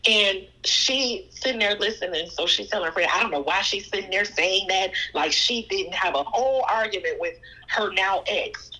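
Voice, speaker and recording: A woman's voice: medium pitch, moderate pace, low-quality recording. A woman guest telling personal stories in a conversational way, acting out other people's lines. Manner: animated, quotes people in voices. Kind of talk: conversational storytelling.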